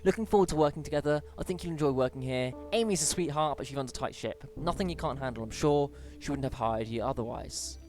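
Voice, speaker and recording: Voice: fast, few pauses, a little mellow, soft background music. Chatty British gamer reading emails aloud. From Britain. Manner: chatty asides, frequent little pitch jumps and stumbles while reading. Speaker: let's play gamer. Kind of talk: casual gameplay commentary, reading on-screen emails aloud.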